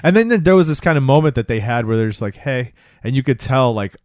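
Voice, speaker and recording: A man's voice: medium pitch, animated, fast, a little mellow, dry recording. A man with a mid-range voice recaps a show in an easygoing podcast chat. He agrees often and narrates scenes, dropping into the characters' lines as he goes. The recording is close and dry. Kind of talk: casual chat.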